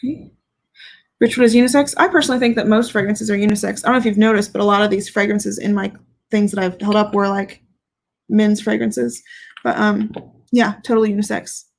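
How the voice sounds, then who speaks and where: On a casual livestream, a woman who reviews fragrances reads viewer comments in a mid-range, creaky voice that runs a little fast with fairly even intonation. She's candid and playful, swearing freely and laughing often.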